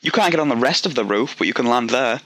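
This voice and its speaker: A young man from Yorkshire chatting over his gameplay footage in a Yorkshire accent. His voice is bright and forward, and he keeps wandering off onto tangents with a self-mocking humour, talking casually at a middling pitch. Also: lively intonation, fast talker, no room sound. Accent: Yorkshire English. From Yorkshire, England. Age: young adult. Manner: rambling, self-deprecating, goes off on tangents. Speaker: gaming commentator. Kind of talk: casual game commentary.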